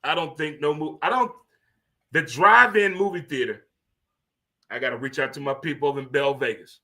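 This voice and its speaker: Man in his fifties, host, bright forceful delivery, voice sits a bit high. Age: 50s. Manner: animated, preachy, swearing, laughing asides. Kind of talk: casual radio-style monologue.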